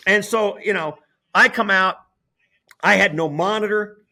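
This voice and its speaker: A middle-aged man, a former player turned broadcaster, telling a story as an interview guest in an animated way, with frequent restarts. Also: sits high, unhurried. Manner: animated, lively, full of restarts. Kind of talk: casual storytelling.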